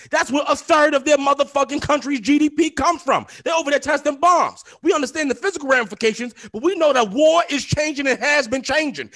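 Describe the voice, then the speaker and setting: High, bright-voiced man ranting loudly. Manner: loud, profane, heated ranting. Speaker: podcast co-host. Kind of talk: casual chat and profane rant.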